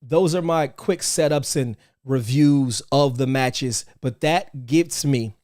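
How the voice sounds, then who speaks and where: A man hosting a live wrestling reaction stream, hyped and repetitive, breaking into shouts and chants. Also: mid-range voice, slow pace. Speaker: host of a wrestling reaction show.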